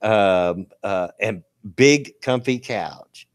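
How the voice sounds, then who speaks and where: Give me a loud man in his fifties chatting casually, animated, in a dry room. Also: medium pitch, moderate pace, dry recording. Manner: loud, big-mouthed, laughs often. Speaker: podcast co-host. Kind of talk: casual chat.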